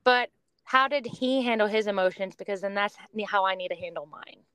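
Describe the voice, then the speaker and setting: A woman's voice: mid-range voice, fairly quick, fairly bright tone, smooth, no room sound. A woman in her thirties, a podcast guest, talking earnestly and reflectively about faith and parenting in long, flowing runs. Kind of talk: casual faith-based conversation.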